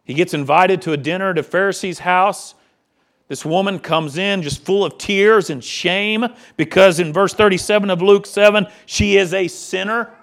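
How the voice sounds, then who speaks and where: A man preaching a sermon as pastor, with impassioned delivery that swings between loud and hushed. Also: sits high, moderate pace.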